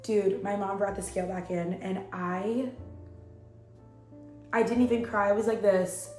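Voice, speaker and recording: A young woman vlogging at home, telling her story in a chatty, animated, slangy way. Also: mid-range voice, unhurried. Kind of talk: casual storytelling vlog. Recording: echoey room with faint music.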